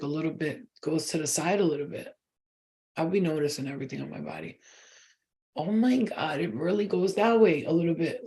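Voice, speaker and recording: A woman's voice: lowish voice, darkish tone. A woman giving a casual channeled spiritual reading to her viewers, talking in a rambling, chatty way and swearing now and then. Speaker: spiritual reader.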